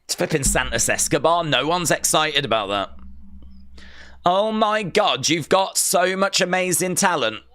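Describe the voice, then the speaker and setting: A man streaming a live watch-along, giving excitable, chatty commentary with mock outrage. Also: a little high, a little slow.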